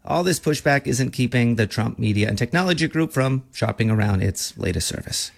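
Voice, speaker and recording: A male radio correspondent with a gravelly, creaky voice wraps up his report in a measured, matter-of-fact tone. His pitch sits in an ordinary middle range. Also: lively intonation. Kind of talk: news report.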